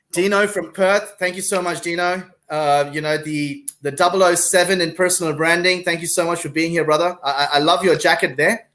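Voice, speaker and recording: A man's voice: on the high side, fairly even intonation, normal speed, fairly bright tone. A man hosting a live-streamed panel over a video call, effusive and repeating his words and thanks as he welcomes guests. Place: Singapore.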